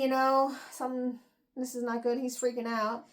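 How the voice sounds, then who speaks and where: Animated young woman recapping a book. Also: sits high, normal speed. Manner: rambling, animated retelling with frequent "like" and laughs. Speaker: book review podcast host.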